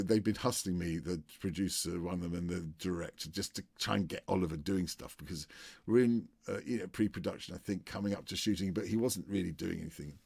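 A man's voice: low voice, vocal fry, darkish tone, breathy edge, no echo. An older man telling a rambling anecdote in a casual way. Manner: rambling, with many fillers and restarts. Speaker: storyteller.

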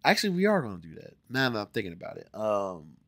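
A forty-year-old man from Ohio with an American accent, hosting a casual video where he reacts to a music video, jumping between loud exclamations and muttered asides. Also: on the low side, wildly swooping pitch, quick pace, dry recording, clean studio sound. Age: 40s.

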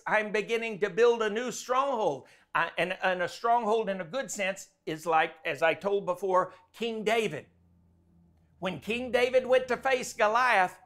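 A male preacher delivers a sermon with animated energy and often slips into the voices of the people in his stories. His voice is high-pitched and bright, with a forceful edge. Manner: animated, acts out quotes.

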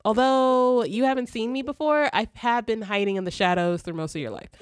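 A woman reading the lines of a calm, solemn male spirit guide in a slow, formal way. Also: on the high side, clear, resonant tone, no room sound, studio quality, close to an everyday voice. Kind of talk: reading game dialogue aloud.

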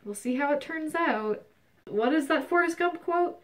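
A young woman in her twenties hosting a mock haul video in a deadpan, mock-earnest way, often dropping to a mutter. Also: high voice, normal speed, recorded from a distance. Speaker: vlogger.

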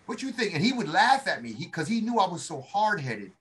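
Animated, bright-voiced middle-aged man. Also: high-pitched, fairly quick, slightly rough. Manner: animated, acts out quoted voices. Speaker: podcast co-host, Army veteran. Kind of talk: casual storytelling chat.

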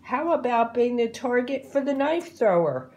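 A woman playing a brisk storybook ringmaster. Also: a little high, animated, dark tone, muffled recording, close to an everyday voice. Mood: weary. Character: brisk male circus ringmaster.

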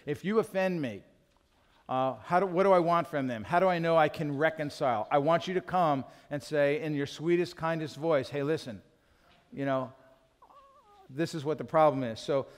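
Animated male pastor, higher voice. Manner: animated, acts out quotes in other voices. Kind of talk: sermon. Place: church. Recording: long reverb of a church hall.

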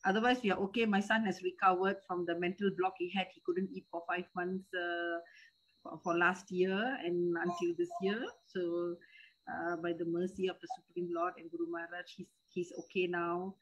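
A woman's voice: on the low side, level tone, normal speed, rough recording. Middle-aged woman, Malaysian English accent, hesitant and deferential, remote call. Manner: hesitant, repeats words and restarts, respectful. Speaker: disciple calling in with a question. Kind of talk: casual chat.

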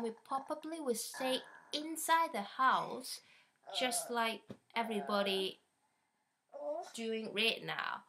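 Slow, lively woman reading a storybook. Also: a little high. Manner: slow, animated and playful, talking to a small child. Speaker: storybook reader. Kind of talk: reading a children's picture book aloud. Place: at home.

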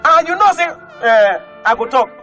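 A male comedian with a Nigerian Pidgin English accent, telling animated comic stories and often breaking into shouted put-on voices. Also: very high voice, normal speed. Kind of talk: stand-up comedy storytelling. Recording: faint music behind.

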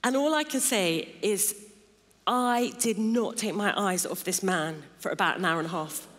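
A middle-aged woman delivers an emphatic sermon, stacking phrase upon phrase. Her voice sits at an ordinary pitch for a woman. The sound carries the long reverb of a large church hall. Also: normal speed, a bit bright. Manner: emphatic, builds lists of intensifying phrases. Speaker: preacher.

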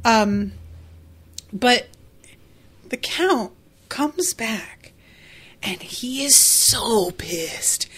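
A woman's voice: a little high, fairly bright tone. A woman hosting a casual book podcast who gushes, giggles and swears casually. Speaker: podcast host.

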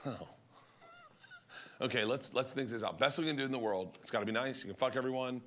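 A middle-aged man, a comedian, telling crude stories in an animated way and laughing at his own jokes. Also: medium pitch, brisk, slight background noise. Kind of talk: comic storytelling.

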